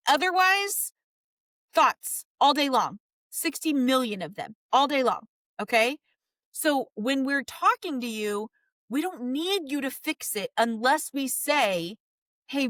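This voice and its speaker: A woman's voice: high voice, a bit bright, no echo. A woman marriage coach giving direct, emphatic advice to husbands in a podcast monologue.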